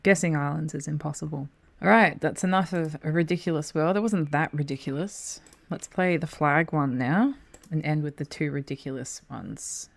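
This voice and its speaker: Brief: woman, deep and gravelly, casual game commentary, thinks aloud and curses. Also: moderate pace, no echo. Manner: thinks aloud, swears freely, mutters asides. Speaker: game streamer.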